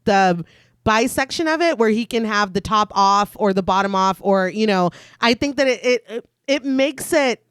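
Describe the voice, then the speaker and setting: A woman's voice: mid-range voice, expressive, normal speed, clean tone, no room sound, studio quality. A woman co-hosting a horror podcast, retelling the plot of a film in detail between her own casual comments. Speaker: podcast co-host. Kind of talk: casual chat and film recap narration.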